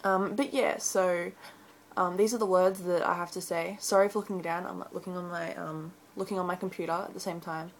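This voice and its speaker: A teenage girl from Brisbane speaks with a broad Australian accent, her voice pitched a little on the low side. She chats casually to her webcam, rambling and filling pauses with ums as she works through a word list. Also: fairly even intonation, low-quality recording. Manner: chatty, rambling, frequent ums. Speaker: vlogger. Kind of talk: casual accent-tag video.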